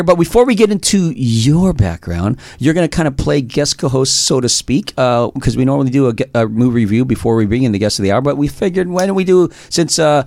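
A man hosting a radio show with a gravelly, crackly voice, and the sound is dry and close. He rambles through his stories, restarts his sentences and laughs easily. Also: medium pitch, darkish tone, dry recording. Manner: rambling, stumbling over words, laughs often. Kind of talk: casual interview.

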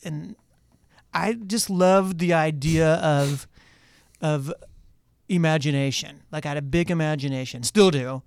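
A man who is a guest actor, talking casually in an interview, relaxed and chatty, laughing now and then. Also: fairly high pitch, measured pace, clean tone, dry recording, clean studio sound.

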